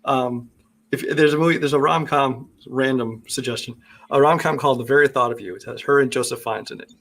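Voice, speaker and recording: A man's voice: medium pitch, fairly even intonation, a little fast, a bit bright. A man co-hosting a casual movie podcast, critiquing a film in a rambling way with many fillers. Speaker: podcast co-host.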